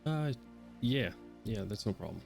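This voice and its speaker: A man with a very low voice runs a tabletop game, narrating in a loose, meandering way full of fillers. Faint music plays underneath. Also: expressive, a little slow, vocal fry, darkish tone. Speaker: game master.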